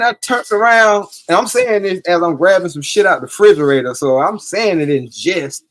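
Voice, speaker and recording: A man's voice: high voice, normal speed, few pauses. A man telling a personal story in casual, profane talk on a live stream, acting out the lines of the people in it. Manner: profane, animated, acts out quoted dialogue.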